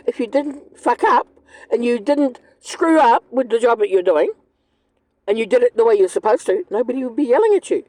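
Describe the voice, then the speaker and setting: A woman's voice: a little high, lively intonation, normal speed, a little mellow, rough recording. A woman, ranting angrily and bluntly in a monologue, swearing often. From New Zealand. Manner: angry, blunt, profane. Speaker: vlogger.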